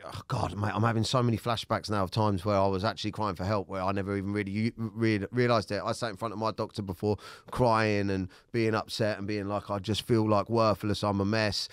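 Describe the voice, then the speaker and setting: A man's voice: on the low side, flat delivery, fast talker, hardly any pauses, dry recording, clean studio sound. A man hosting a podcast in casual chat, laid-back, often trailing off and restarting mid-sentence. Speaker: podcast host.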